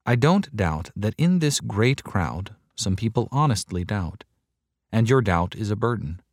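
An earnest male preacher delivers a sermon in a lowish voice, measured and deliberate, slowing down to hammer home repeated phrases. The sound is dry and close, with little room echo. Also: sing-song. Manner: earnest, measured preaching with slow emphatic repetitions. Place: large hall before a crowd.

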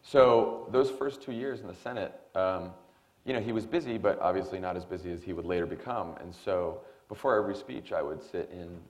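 A man in his thirties, a guest at a forum, telling a long anecdote in a lively way and acting out the other people. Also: sits low, a little fast. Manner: animated anecdotal storytelling with quoted voices. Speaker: guest, former speechwriter. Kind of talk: storytelling in a forum conversation. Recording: dull lo-fi sound.

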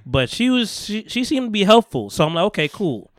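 A man hosting a podcast, telling a story in casual chat, animated, swearing a lot and laughing often. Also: high-pitched, fairly quick, dry recording, studio quality. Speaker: podcast host.

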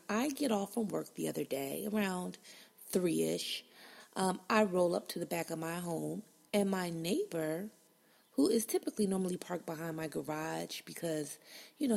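A woman hosts her own podcast in a deeply gravelly, fry-heavy voice that's husky, somewhat rough, and darkish in tone. Casual and blunt, she swears freely and acts out her own reactions while telling a story.

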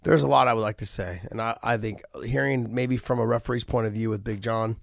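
A man's voice: mid-range voice, steady tone, fairly quick, gravelly, no room sound, studio quality. A middle-aged man hosting a casual podcast, talking earnestly with many restarts and fillers. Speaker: podcast host and former fighter.

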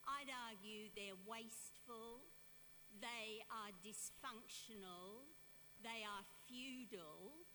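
An older woman asking a pointed question from the audience, forceful and argumentative. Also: on the high side, slow. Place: lecture hall at an audience microphone. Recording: echoey hall with background noise.

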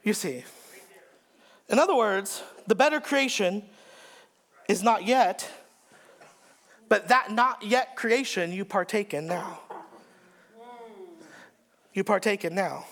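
A male pastor preaching a sermon in an emphatic style, repeating phrases and swinging between shouts and hushed lines. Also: sits high, animated, takes it slowly, pauses often.

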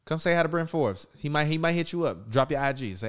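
A young man running a loose sports show, joking and egging people on. His pitch swings widely from low to high as he hypes the room. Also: expressive, quick pace, smooth. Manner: playful, hype, teasing. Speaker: host. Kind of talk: casual sports talk.

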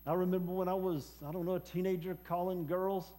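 A man preaching a personal testimony sermon, speaking haltingly with many fillers and repeated words. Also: high-pitched, little pitch movement, warm tone. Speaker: preacher and former hospice chaplain.

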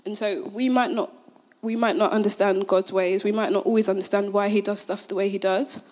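A young woman gives a casual, conversational sermon. She leans on fillers and modern slang as she retells the story. Her voice sits at an ordinary middle pitch. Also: steady tone, fairly quick, darkish tone. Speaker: speaker at a Christian gathering.

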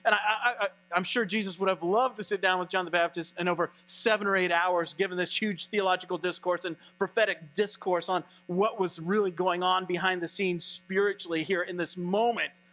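A male pastor preaching a sermon in an animated, conversational way. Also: sits high, a little fast, few pauses, faint music behind.

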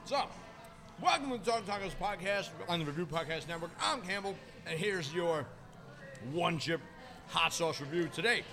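A man's voice: high-pitched, lively intonation, moderate pace. A man hosting a podcast, announcing and reviewing a hot sauce in short plain sentences. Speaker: podcast host.

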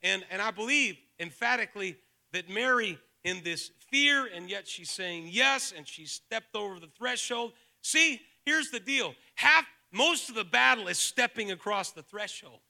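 A male pastor preaching a sermon to a live congregation. He moves from soft-spoken teaching to shouted, fervent preaching and calls on the listeners to answer aloud. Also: high voice, lively intonation, unhurried, gravelly. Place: church sanctuary with a live congregation.

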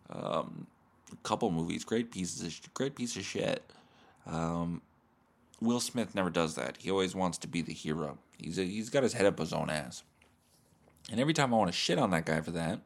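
A comedian and podcast host talking alone, rambling in a profane, self-deprecating way. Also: male voice, low-pitched, gravelly. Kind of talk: solo podcast monologue.

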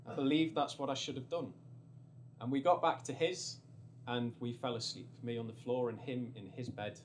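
A man's voice: medium pitch, expressive, moderate pace, slight background noise. A young man doing confessional storytelling stand-up, candid and rambling. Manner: candid, rambling, sliding quieter as the story turns sad. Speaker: stand-up comedian. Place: comedy stage.

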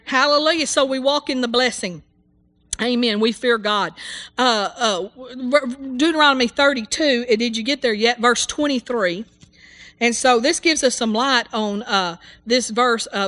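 Lady preaching, high voice, fervent, rambles with lots of amens and hallelujahs. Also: normal speed, a bit bright. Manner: rambling, with restarts and asides. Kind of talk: sermon.

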